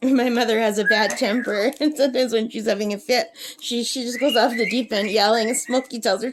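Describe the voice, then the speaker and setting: A woman's voice: fairly high pitch, moderate pace, noisy background. A woman chatting casually to camera at a lakeside camp, laughing often and cooing at her pet bird. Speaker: craft vlogger.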